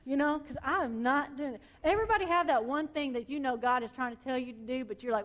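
A woman police officer telling a testimony story in a colloquial, self-mocking, animated way. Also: sits high, fast, few pauses.

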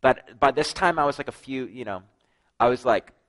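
A young man delivers a sermon as a personal testimony, acting out conversations as he tells them. His pitch sits in a middle range, and he often sinks to a hushed, intimate voice before rising again. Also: moderate pace, low-quality recording. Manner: animated storytelling, acting out dialogue, often drops to a hushed voice. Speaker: preacher.

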